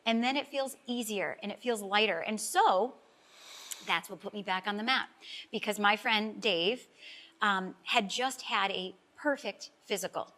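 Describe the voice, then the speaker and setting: A woman's voice: medium pitch, bright, forceful tone. A middle-aged woman, a life coach guest, telling an emotional personal story in a talk-show interview, earnest and heartfelt and close to tears at times.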